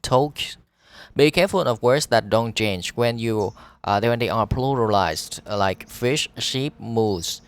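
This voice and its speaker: A man with a Vietnamese accent, a teacher reading an English lesson aloud, pausing often on fillers and restarts. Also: fairly low pitch, animated, clear, resonant tone, no room sound.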